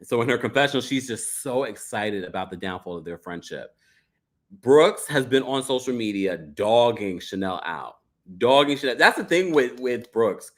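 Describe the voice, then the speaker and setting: A man hosting a casual reality show recap, reading viewer messages and acting out cast members in an animated way. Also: medium pitch, normal speed. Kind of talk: casual recap chat reading super chats.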